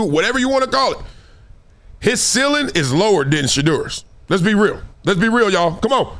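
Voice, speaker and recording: A man with a notably high speaking voice holds forth on a sports talk show. He keeps it casual and full of slang, and slips into little voices to mimic the people he talks about. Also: moderate pace. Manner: animated, slangy, acts out quoted people.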